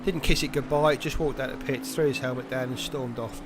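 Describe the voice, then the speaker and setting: A man's voice: medium pitch, fairly even intonation, brisk, few pauses, noisy background. A man hosting live sim racing commentary, teasing and banterous. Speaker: race commentator and host.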